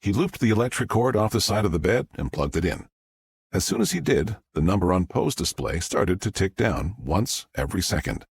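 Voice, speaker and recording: A man reading a novel aloud as an audiobook narrator, with a gravelly voice and a measured delivery. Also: deep voice, very animated, no echo, studio quality.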